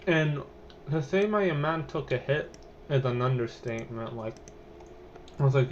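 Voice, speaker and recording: A man's voice: medium pitch, a little slow, pauses often, darkish tone, highs cut off, slight background noise. A young man hosting a podcast, telling a personal story in a chatty, rambling way with lots of fillers. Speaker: podcast host.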